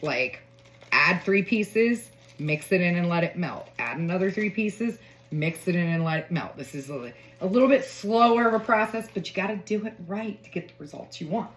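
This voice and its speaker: A woman's voice: fairly low pitch, animated, moderate pace, rough recording. A woman chatting casually through a cooking demo in her home kitchen, full of joking asides. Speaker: home cook.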